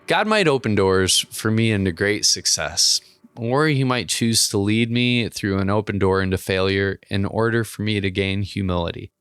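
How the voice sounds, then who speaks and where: A man with a fairly low voice reads a scripted podcast closing. His delivery is measured and reflective. Faint guitar music plays behind him. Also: fairly bright tone. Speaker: podcast host. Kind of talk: scripted narration.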